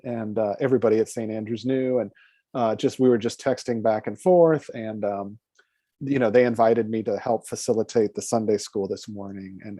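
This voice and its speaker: A Zen Buddhist priest, a man, joining by video call to lead a calm, slow guided meditation as a benediction. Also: medium pitch, dry recording, clean studio sound. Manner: slow, calm, soothing guidance.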